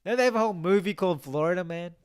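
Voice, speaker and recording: A man's voice: high-pitched, very fast, a little mellow, clean tone, no room sound, studio quality. A young man chatting casually on a game live stream, reading out viewer comments and musing aloud.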